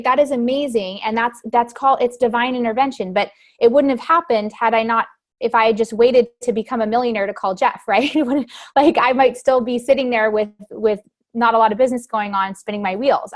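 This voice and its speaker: A woman in her thirties telling a team meeting a motivational story from her own life, acting out her past panic in lively bursts. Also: a little high, a little fast. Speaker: motivational speaker.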